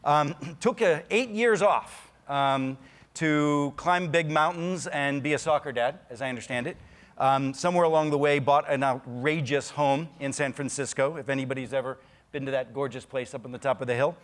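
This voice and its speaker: A man interviewing a guest on stage, talking haltingly with many fillers. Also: medium pitch, a bit bright.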